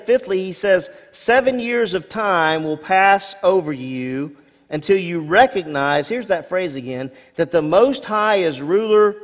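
Male pastor, slightly high voice, expressive sermon delivery with punchy emphasis and friendly asides; church hall reverb. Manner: expressive preacher, rising emphasis on key words, asides to congregation.

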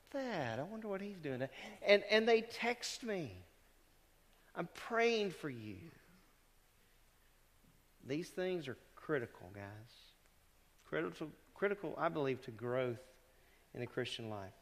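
A male pastor delivering a conversational sermon in a church, often asking the congregation questions. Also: a little high. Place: church sanctuary. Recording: church hall reverb.

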